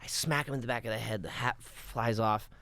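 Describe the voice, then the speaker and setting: A man's voice: mid-range voice, fairly quick, no echo. Guy on a podcast telling old stories, acts out bits, dry close mic. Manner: animated storyteller, acts out scenes and laughs. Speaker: podcast guest. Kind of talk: casual chat.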